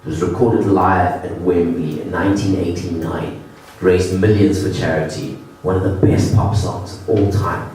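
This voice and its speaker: A man doing a stand-up comedy set, self-deprecating, with halting restarts. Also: low voice, steady tone, darkish tone, distant mic, slight background noise. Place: comedy venue with audience. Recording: echoey room from afar.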